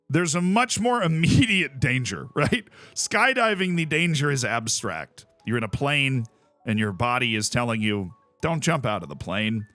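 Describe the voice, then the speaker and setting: A man chatting on a game stream, telling stories with a lively, swooping delivery and laughing often. His voice is bright and forward, and faint music plays behind him. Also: mid-range voice, no room sound. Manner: animated storytelling, laughs often. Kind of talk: casual chat while playing a game.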